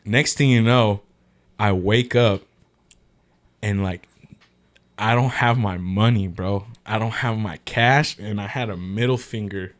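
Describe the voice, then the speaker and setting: A man's voice: lowish voice, measured pace, long pauses. A young man on a podcast, telling a wild story in slangy, swear-filled casual chat. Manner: slangy, swears freely, acts out quotes in other voices. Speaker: podcast guest.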